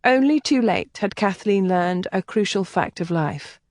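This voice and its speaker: A woman narrating an audiobook with expressive, lively storytelling that rises and falls freely. Her voice is mid-pitched and sits close to the mic in a dry, dead space. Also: unhurried, dry recording. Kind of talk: scripted narration.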